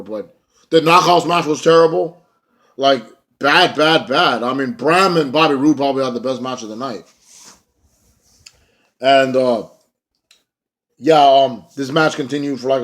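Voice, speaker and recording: A man's voice: mid-range voice, fairly bright tone. A young man giving a casual wrestling show review, blunt and profane, ranting and mocking.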